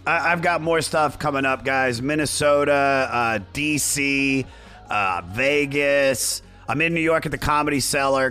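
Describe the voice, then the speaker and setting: Hoarse male host, animated pitch, profane rambling chat, faint music. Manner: loose, profane, rambling, self-promoting. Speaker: podcast host. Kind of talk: casual chat.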